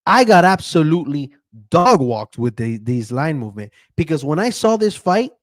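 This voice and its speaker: A man's voice: a little high, sing-song, moderate pace, no echo, clean studio sound. A man who handicaps bets, giving a casual, profane fight breakdown and keeps checking in with "right?". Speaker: MMA betting handicapper.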